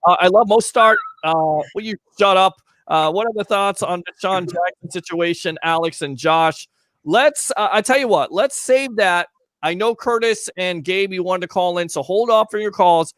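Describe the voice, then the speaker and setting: A man's voice: sits high, normal speed, fairly bright tone, dry recording. A man hosting a casual call-in sports talk show, chatting and reading out viewer comments.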